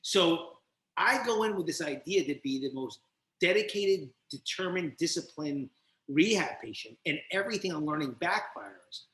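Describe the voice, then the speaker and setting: Animated storyteller, a man in a roomy space. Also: a little high, normal speed, a little hiss or hum. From New Jersey. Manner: animated storytelling, acting out both sides of the dialogue. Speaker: podcast guest. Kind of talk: personal recovery story. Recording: roomy echo.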